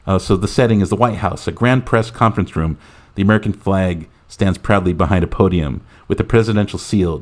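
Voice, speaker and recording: A man hosting a casual movie podcast. His voice sits a little low and he talks in a relaxed, meandering way. Fillers pepper his sentences as he narrates and chats. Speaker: podcast host.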